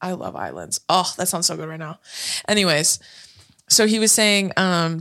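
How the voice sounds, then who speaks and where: A woman's voice: lowish voice, very animated, normal speed, fairly bright tone. Blunt, foul-mouthed young woman. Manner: profane, blunt, laughs a lot. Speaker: podcast co-host. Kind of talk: casual chat.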